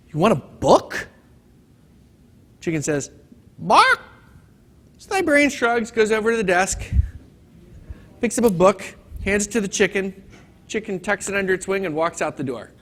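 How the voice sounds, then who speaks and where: Leading a hands-on data class at a conference training session, a male instructor lectures in a high-pitched, slightly bright voice. He keeps things casual with the room and throws in a corny joke.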